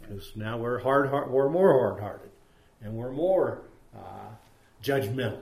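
A man's voice: mid-range voice, lively intonation, a little slow, a little mellow. A man leading a conversational Bible study, rambling a little and asking the group questions. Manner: rambling, asks the group questions, many fillers. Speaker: Bible teacher. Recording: echoey room.

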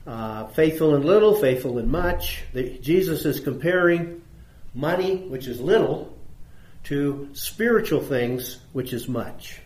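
Male preacher, talky Bible lesson, fond of questions and repetition, slightly raised pitch, roomy church acoustics. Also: animated, a little slow, a little mellow. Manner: asks the audience questions, repeats points for emphasis. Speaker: preacher teaching a Bible class. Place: church room with audience. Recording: echoey room.

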